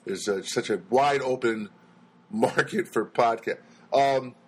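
A man's voice: medium pitch, slow pace, slightly rough. A man hosting his own podcast in a rambling comic monologue, full of ums, restarts and dry self-deprecating asides. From United States. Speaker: podcast host and stand-up comedian.

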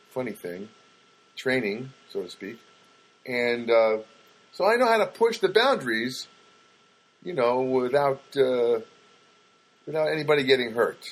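A middle-aged man riffs in a loose, rambling comic monologue, wry and self-mocking. His voice sits at a mid pitch. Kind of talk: casual comedic monologue.

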